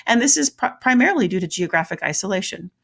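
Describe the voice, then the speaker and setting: A woman's voice: mid-range voice, expressive, fast, vocal fry, fairly bright tone, breathy edge. A woman with a Southern US accent teaching a recorded lesson in a chatty way, often stopping to correct herself. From American South. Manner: chatty, self-correcting explanations.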